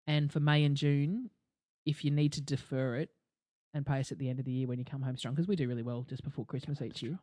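A middle-aged Australian woman co-hosting a podcast, chatting casually and telling stories with lots of swearing and some deadpan. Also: very deep voice, quick pace, no room sound. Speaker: podcast co-host. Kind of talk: casual chat.

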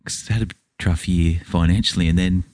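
A man's voice: low-pitched, steady tone, fairly quick, darkish tone. An Australian man co-hosting a casual chat, telling rambling stories, swearing and acting out what people said. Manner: rambling storyteller, swears, acts out quotes.

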